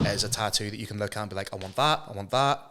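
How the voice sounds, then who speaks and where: A man's voice: on the low side, very fast, sharp tone. A man co-hosting a podcast, chatting casually and swearing freely. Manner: swearing, easygoing, asks questions. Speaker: podcast co-host. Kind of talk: casual chat.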